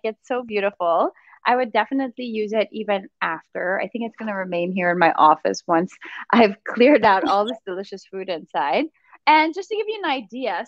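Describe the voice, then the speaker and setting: A woman's voice: a little high, no echo. Chatty woman with muffled, dry sound. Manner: chatty and enthusiastic, fond of food. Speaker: guest presenting a holiday gift hamper. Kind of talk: casual video-call chat.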